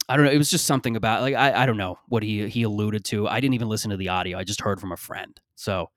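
A man's voice: on the low side, fast talker, dry recording, studio quality. A man around thirty hosting a solo podcast, rambling, sarcastic and profane in casual talk. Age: 30s. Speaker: podcast host.

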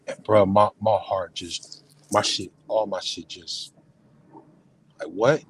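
A man, a podcast guest, telling an emotional personal story in casual conversation, halting and full of slang and restarts. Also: lowish voice, fairly even intonation, slightly rough. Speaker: podcast guest, film producer and screenwriter.

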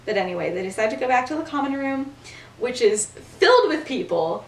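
A woman's voice: fairly high pitch, sing-song, fairly quick, far from the mic. A young woman hosting a casual podcast, animatedly retelling a story and acting out the characters' lines, laughing often. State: has the hiccups. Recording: echoey room, voice a bit off-mic.

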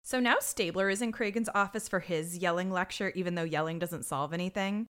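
Speaking fairly quickly in a clear, resonant, low-leaning voice, this podcast co-host casually and wryly runs through a TV episode. She's animated, imitating the characters and their yelling.

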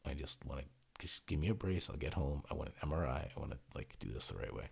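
Deep gravelly man telling a story. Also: quick pace. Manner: animated retelling, acting out quotes, swearing freely. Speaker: podcast co-host telling a story. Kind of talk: casual storytelling chat.

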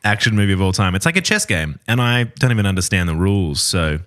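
A man's voice: low-pitched, fast talker. A man co-hosting a film podcast, joking casually and acting out his own reactions. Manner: expressive, jokey, quotes himself in raised voices. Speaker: podcast co-host. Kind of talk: casual chat.

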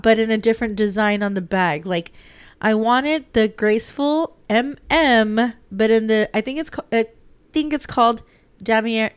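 A woman's voice: on the high side, clean tone, no room sound. A young woman vlogging casually about her day, rambling with lots of fillers and holding back tears. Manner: chatty, rambling, many fillers. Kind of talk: casual personal vlog.

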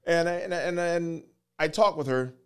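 A man in his forties telling a personal story earnestly, in halting phrases, holding back tears. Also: on the high side, fairly bright tone, smooth. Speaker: guest, fatherhood program worker.

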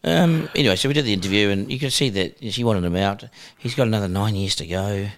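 A middle-aged New Zealand man, a broadcaster, telling stories in a casual, animated way and acting out phone calls. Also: on the low side, fast talker. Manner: animated, acts out phone calls in character voices. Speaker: broadcaster guest. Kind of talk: casual storytelling.

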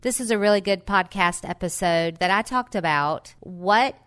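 Woman therapist and podcast host, calm and informative, smooth voice, dry sound. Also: medium pitch, normal speed, no echo. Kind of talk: podcast introduction.

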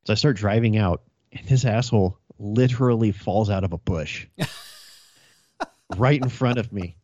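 A man's voice: fairly low pitch, measured pace, mellow, no echo, highs cut off. A young adult male police officer telling a work story in a casual, profane chat, laughing as he goes.

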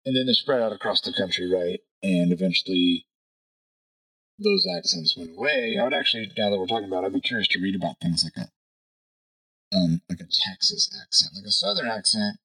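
A man's voice: sits low, very animated, brisk, creaky, sharp tone, breathy edge, low-quality recording. A man talking casually through his views in a rambling monologue, thinking aloud and checking in with "right?" as he goes. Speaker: podcast host.

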